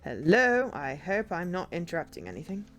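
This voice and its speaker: A woman's voice: lowish voice, huge pitch swings, normal speed, fairly bright tone, faint music behind. Woman voicing Barakiel, a polite old codger. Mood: courteous. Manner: courteous folksy talk in a put-on American accent. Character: big, scary-looking, wrinkled old man, gentle and polite.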